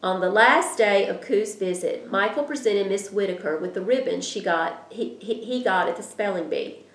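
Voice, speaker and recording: A woman reading a children's storybook aloud, with an expressive delivery. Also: mid-range voice, moderate pace, a little hiss or hum. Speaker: reader. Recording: roomy echo.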